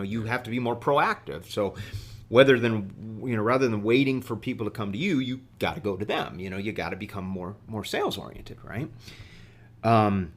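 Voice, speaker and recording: A middle-aged man telling a story as a podcast guest, halting and full of fillers and restarts. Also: on the low side, a bit bright. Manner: halting, many fillers and repeated words. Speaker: guest executive.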